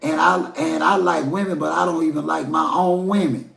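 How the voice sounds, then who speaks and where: A man's voice: fairly high pitch, fairly even intonation, normal speed, vocal fry, a bit bright, roomy sound. A man from the American South with a Southern accent, giving a folksy, preachy opinion rant and talking straight to his viewers. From Southern United States. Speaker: commentary vlogger.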